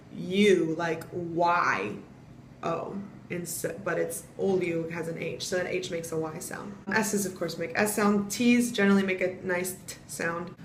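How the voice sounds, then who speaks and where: Chatty young American woman in an echoey room. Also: on the low side. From United States. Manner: chatty, explains with spelled-out examples. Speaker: vlogger teaching Portuguese pronunciation. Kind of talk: casual vlog lesson. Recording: echoey room with faint ambient noise.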